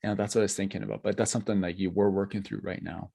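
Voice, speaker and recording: A man's voice: low-pitched, flat delivery, creaky, dark tone, slightly rough. A man hosting a podcast, chatting with enthusiasm and agreeing often. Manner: enthusiastic, quick affirmations. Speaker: podcast host. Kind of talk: casual conversation.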